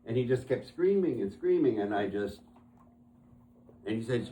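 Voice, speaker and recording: A man's voice: mid-range voice, lively intonation, normal speed, long pauses, warm tone. A man who works as a therapist, telling stories from his practice in an earnest conversational way and often restarting his phrases.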